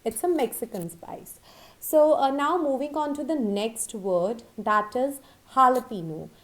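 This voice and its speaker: A woman's voice: high-pitched, a little slow. A woman teaching English pronunciation in an online lesson. She explains each word, spells it out letter by letter and keeps checking in with "okay?". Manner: explanatory, with frequent "uh" fillers.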